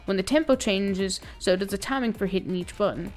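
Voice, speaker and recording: A woman's voice: medium pitch, a little fast, darkish tone, faint music behind. Giggly woman streamer reading game text. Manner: giggly, swears, reads game text aloud. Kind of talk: live let's play commentary.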